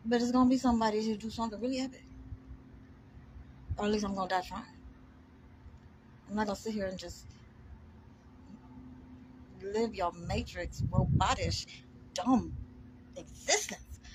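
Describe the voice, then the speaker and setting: A woman's voice: medium pitch, moderate pace, pauses often, noisy background. A woman delivering a defiant, profane rant to camera, combative and emphatic, repeating words for force. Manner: combative, heavy swearing, defiant.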